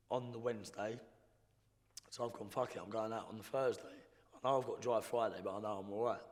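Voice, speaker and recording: A young man tells his story bluntly, in slang, often stopping and restarting. His voice sits at an ordinary middle pitch. The sound rings with a long reverb, like a big hall. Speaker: guest. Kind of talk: casual storytelling.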